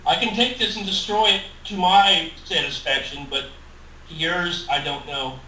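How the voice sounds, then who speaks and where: A man's voice: sits high, steady tone, moderate pace, sharp tone. A man voicing a remorseful, devoted male adventurer in a tabletop role-play, speaking earnestly and with passion. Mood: solemn. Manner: earnest, impassioned pleading in character. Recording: roomy, distant mic, faint hiss.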